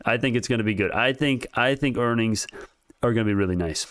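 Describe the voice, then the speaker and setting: A man hosting a live stock market stream, talking casually and excitedly, rambling and speaking straight to his chat. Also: medium pitch, a little fast, no room sound. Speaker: stock market livestream host.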